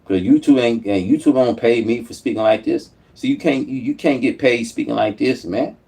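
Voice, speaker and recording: A man speaks in a heated, profane rush, circling back over the same phrases as he vents to his online audience. His voice sits at an ordinary male pitch. It is plain commentary, not a performance. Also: normal speed, vocal fry, mellow. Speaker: YouTube commentator. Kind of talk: angry political rant.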